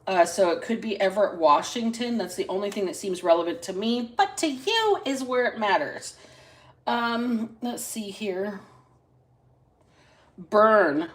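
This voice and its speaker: A woman hosting a casual live-stream reading into a phone, chatty and salty, stretching out single words between quick asides. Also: medium pitch, animated. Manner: chatty, drawls single words then talks fast. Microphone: phone camera.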